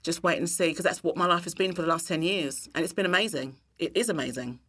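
A woman with a cooking-teacher background talks casually in an interview, expressive and full of fillers. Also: on the low side, fast talker, breathy edge. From England. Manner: expressive, bursts of laughter, many fillers. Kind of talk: casual chat.

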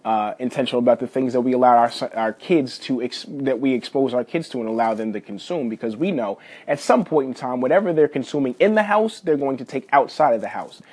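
A man in his thirties hosting a podcast, casually telling a family story in a folksy, animated way and talking straight to his listeners. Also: mid-range voice, brisk, few pauses, slightly rough. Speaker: podcast host.

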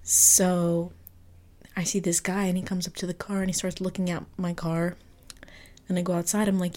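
A young woman telling a personal story in a casual, expressive podcast monologue, full of fillers and the odd swear word. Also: on the low side, a little fast. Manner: chatty, expressive, lots of fillers and mild swearing. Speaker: podcast host.

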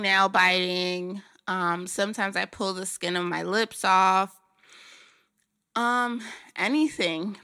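A woman hosts her own podcast in a loose, chatty way, speaking frankly and letting the odd swear word slip. Her voice is bright and forward. The recording is dry and close. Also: medium pitch, no room sound. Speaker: podcast host. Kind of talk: casual solo podcast talk.

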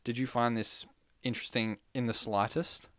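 A man co-hosting a podcast, recapping a film in casual chat, animated, acting out quotes and teasing his co-host. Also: medium pitch, moderate pace, dry recording, studio quality. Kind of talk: casual movie review chat.

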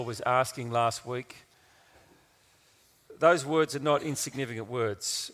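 A man's voice: mid-range voice, a bit bright. Impassioned male preacher in a reverberant hall. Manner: builds to impassioned cries. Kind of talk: sermon.

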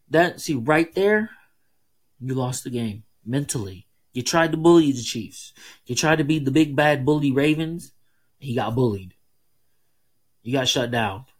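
A man talks through a sports breakdown in a loose, unscripted solo podcast style. He gets worked up and profane, and his voice jumps up in pitch when he pushes a point. His voice sits at an ordinary middle pitch for a man. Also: lively intonation. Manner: heated, profane, emphatic, fast swings in pitch. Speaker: podcast host.

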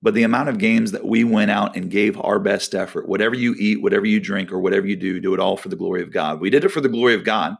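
A man with a low, gravelly voice gives a casual devotional talk as a volleyball coach. He tells a personal story, voicing the people in it as he goes. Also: quick pace, hardly any pauses. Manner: storytelling, acts out quoted dialogue.

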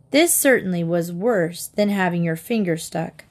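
A woman narrating a children's novel aloud with a steady, gentle reading manner. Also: lowish voice, normal speed. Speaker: storybook reader.

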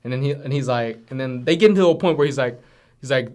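A man's voice: mid-range voice, fast. A man co-hosting a laid-back podcast, recounting episode plots with lots of slang and "you know"s. His voice sits in an ordinary middle register. He talks like he's telling a friend a story. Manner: animated storyteller, heavy slang and fillers. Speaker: podcast co-host. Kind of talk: casual chat, retelling cartoon plots.

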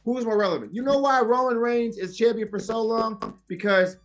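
High-voiced man arguing emphatically. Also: moderate pace, soft background music. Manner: emphatic, insistent, repeats points. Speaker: podcast debater. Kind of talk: heated wrestling debate.

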